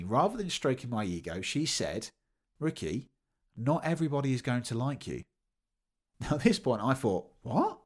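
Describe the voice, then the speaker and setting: A man hosts his podcast and tells a personal story in a casual monologue. His pitch moves widely as he talks. He acts out the voices of the people he quotes. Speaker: podcast host.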